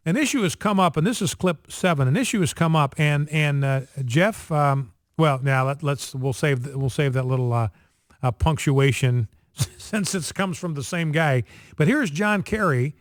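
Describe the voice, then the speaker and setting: Male radio host, a touch high-pitched, rambling with fillers and restarts, close dry mic. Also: normal speed, dry recording. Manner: opinionated, many fillers and restarts. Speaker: radio talk show host. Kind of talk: political talk radio commentary.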